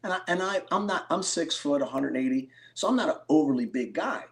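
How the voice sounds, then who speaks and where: A middle-aged man from Philadelphia, a card collector and interview guest, telling stories with excited bursts. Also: fairly high pitch, a little fast. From Philadelphia, USA. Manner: animated storyteller, excitable bursts. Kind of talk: storytelling interview.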